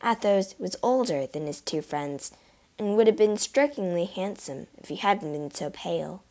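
A woman narrating a children's adventure storybook in a clear, steady reading voice. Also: mid-range voice, moderate pace.

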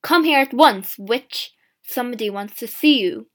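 Harsh shouting male prison guard, read by a woman narrator, slow and loud. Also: fairly high pitch, steady tone. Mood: barking. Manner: loud and barking.

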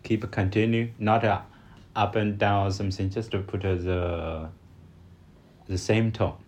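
A man with a Chinese accent, a native Chinese speaker co-hosting a podcast in casual chat, halting as he searches for English words. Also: on the low side, fairly even intonation, a little mellow. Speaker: podcast co-host.

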